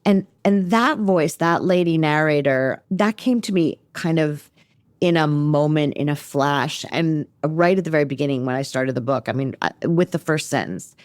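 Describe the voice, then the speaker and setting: An American woman author talking animatedly about her novel and reading from it, self-deprecating and quick. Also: sits low, no room sound, clean studio sound. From United States. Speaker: author guest. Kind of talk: conversational interview and reading aloud from her novel.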